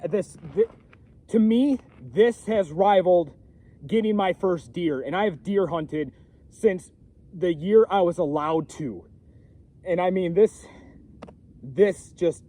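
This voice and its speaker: Outdoors guy vlogging from a frozen pond, fairly high voice, stumbling and restarting a lot. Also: mellow. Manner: halting, full of fillers and restarts. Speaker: first-time trapper. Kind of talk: casual outdoor vlog talk. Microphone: camera set on a pack basket a few feet away.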